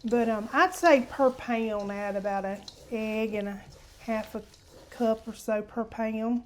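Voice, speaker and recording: A woman walks viewers through a recipe in a homey, chatty way, calling them honey. Her voice sits a little high. Food sizzles faintly in the pan behind her in a home kitchen. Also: unhurried, a little hiss or hum. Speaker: cooking show host. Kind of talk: casual cooking demonstration.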